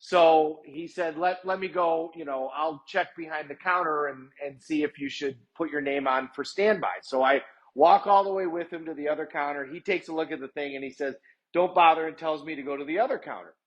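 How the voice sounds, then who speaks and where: A man's voice: fairly high pitch, brisk, highs cut off. A man, a lawyer, telling a personal story in a casual way. He is chatty, fills the story with "I'm like" asides, and acts out the people he quotes. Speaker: lawyer sharing personal stories.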